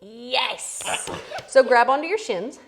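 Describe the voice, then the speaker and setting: A woman's voice: high voice, slow, a little hiss or hum. A middle-aged woman teaching a playful, encouraging yoga class for kids, calling out each movement. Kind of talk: kids' yoga class instruction.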